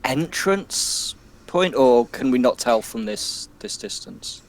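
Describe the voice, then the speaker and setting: A man's voice: mid-range voice, lively intonation, takes it slowly. Rambling man at a game table. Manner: rambling, loose, full of fillers. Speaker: player. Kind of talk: casual tabletop game chat.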